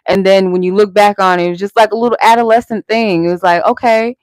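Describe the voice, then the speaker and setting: A woman's voice: medium pitch, steady tone, fast talker, smooth, dry recording. A woman hosting a live tarot stream, giving casual spiritual guidance in a candid, encouraging way with some swearing. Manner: candid, conversational, salted with swearing; encouraging, motivational.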